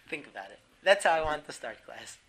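A man teaching a class through a story, animated, laughing often and filling pauses with "um". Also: fairly high pitch, slight background noise, poor audio. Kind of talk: storytelling lesson.

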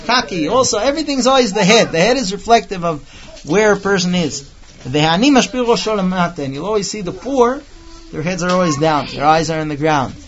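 A man teaching a casual Torah class to a small group, quickly reading out Hebrew text and then explaining it with stories. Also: sits high, lively intonation, muffled recording. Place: room with a small group of listeners.

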